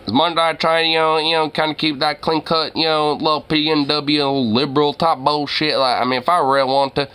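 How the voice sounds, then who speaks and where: Profane Southern-drawling man, bright tone. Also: a little high, fairly even intonation, a little fast, hardly any pauses, smooth. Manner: profane, rambling, heavy on "I mean" and "I tell you what". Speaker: live streamer talking to chat. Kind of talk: casual chat.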